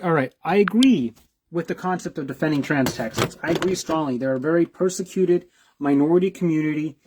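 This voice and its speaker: A man's voice: on the high side, a little mellow, husky. A man, a video blogger, giving reaction commentary, repeating himself with rhetorical questions and restarts.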